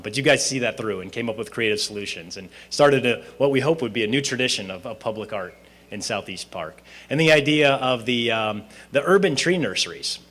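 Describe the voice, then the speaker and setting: A man's voice: mid-range voice, fairly bright tone. A man giving an informal closing speech at a student presentation, conversational with frequent fillers and restarts. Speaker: speaker at a student team presentation. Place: event hall at a university presentation.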